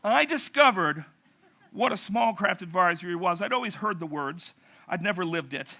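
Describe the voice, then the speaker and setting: A middle-aged pastor telling a narrative sermon, acting out quotes with dramatic pauses. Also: male voice, high voice, expressive, creaky, pushed and bright.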